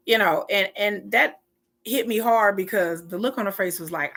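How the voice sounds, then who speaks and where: Streaming a live watch party from home indoors, a woman chats casually, reacting and frequently acting out other people's lines. Her mid-range voice is fairly bright and fairly quick.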